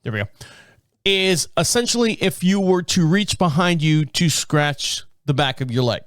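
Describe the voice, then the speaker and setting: A man's voice: a little high, lively intonation, moderate pace, a bit bright, clean tone, dry recording, studio quality. A man hosting a comedic solo podcast, telling a rambling story and often laughing at himself. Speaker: podcast host.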